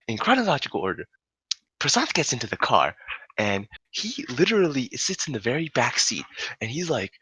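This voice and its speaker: Gravelly young man rambling through a story. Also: medium pitch, pushed and bright, no echo. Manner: rambling, cursing, laughing often. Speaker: podcast host telling a story. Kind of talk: casual comic storytelling.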